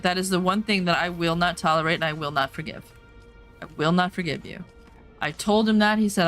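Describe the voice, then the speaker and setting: Woman gaming streamer, casual and outspoken, mid-range voice with a crisp brightness. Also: mid-range voice, animated, a little fast, soft background music. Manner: blunt, emphatic personal storytelling with some swearing. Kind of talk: casual chat over gameplay.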